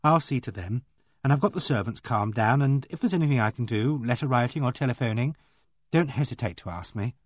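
A man's voice: medium pitch, expressive, brisk, dry recording, studio quality, close to an everyday voice. A man doing a fussing, kindly young woman. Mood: earnest. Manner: fussing, earnest chatter.

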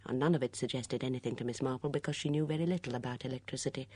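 An audiobook narrator reading a mystery novel in a measured, even storytelling manner. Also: medium pitch, breathy edge, no room sound. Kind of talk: scripted narration.

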